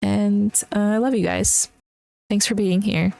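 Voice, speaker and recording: A young woman hosting her own podcast, talking in an earnest, emotional and encouraging way, with many pauses and fillers. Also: medium pitch, fairly even intonation, gravelly, darkish tone, no room sound. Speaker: podcast host. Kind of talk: casual solo podcast talk.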